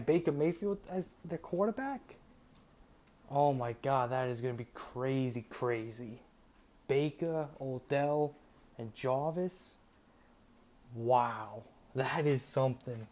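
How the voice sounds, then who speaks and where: Stammering, excited young man talking football. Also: mid-range voice. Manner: stammering, excited, keeps restarting. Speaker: sports podcast host. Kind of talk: excited solo sports talk.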